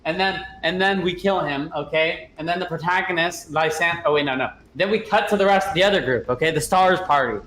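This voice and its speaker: A high-voiced man tumbles through a casual recap of a tabletop game, jumping between lines and bursting into shouted bits of the characters. His voice rings in a roomy space with a faint hiss underneath. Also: a little fast, few pauses. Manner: excitable, acts out characters with shouts. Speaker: player giving the recap.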